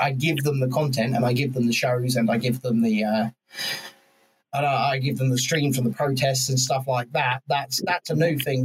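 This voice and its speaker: A man hosting a podcast, chatting about politics in an animated way, swearing and restarting his sentences. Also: mid-range voice, slight background noise, low-quality recording. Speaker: podcast host. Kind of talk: casual political chat.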